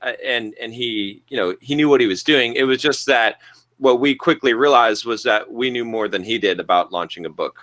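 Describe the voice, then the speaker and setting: A man's voice: medium pitch, normal speed, a bit bright. A man co-hosting a podcast, chatting casually and rambling through restarts and jokey asides. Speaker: podcast co-host. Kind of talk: casual chat.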